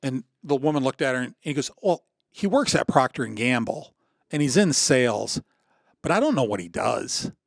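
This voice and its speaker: A man's voice: mid-range voice, sing-song, moderate pace, vocal fry, no room sound, clean studio sound. A man in his sixties from Michigan, a podcast guest telling stories in an earnest, reflective way with many restarts. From Michigan, USA. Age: 60s. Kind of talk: conversational storytelling.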